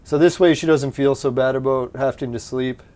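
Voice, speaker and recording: A man's voice: mid-range voice, steady tone, normal speed, warm tone. A man hosting a gaming channel, chatting casually over his play, laughing often and swearing freely. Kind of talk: casual let's-play commentary.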